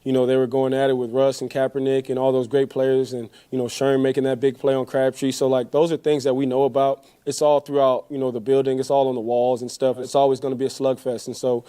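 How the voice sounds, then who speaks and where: A man, a pro football player, answering press questions calmly with lots of fillers. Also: mid-range voice, smooth. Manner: measured, filler-heavy, many "you know"s.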